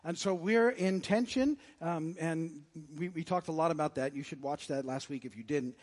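A man's voice: on the high side, moderate pace, darkish tone, big-room sound. A man preaching a sermon as pastor, conversational and jokey, with frequent restarts. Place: church sanctuary.

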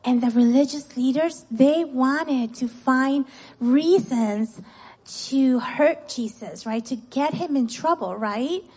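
A woman teaching children in church, telling a Bible story in a lively way and often checking in with "right?" and "guess what?". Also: high-pitched, takes it slowly, breathy edge, low-quality recording. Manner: animated, keeps asking "right?" and "guess what?".

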